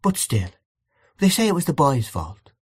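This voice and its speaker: A woman's voice: sits low, sing-song, moderate pace, slightly rough, voice pushed up, heavily acted. A man voicing a grieving elderly housekeeper who rambles in a wistful, confiding way. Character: grieving elderly Irish housekeeper, gossipy and plaintive.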